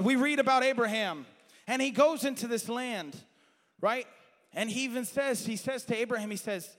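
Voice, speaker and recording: A man preaching a sermon with passion, his voice climbing to shouts and then dropping to quiet asides, and saying he has strayed from his notes. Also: high-pitched, long reverb tail.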